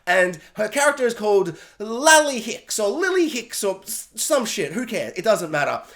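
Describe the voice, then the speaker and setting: A man giving a casual, animated film review, emphatic and exasperated. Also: high voice, moderate pace.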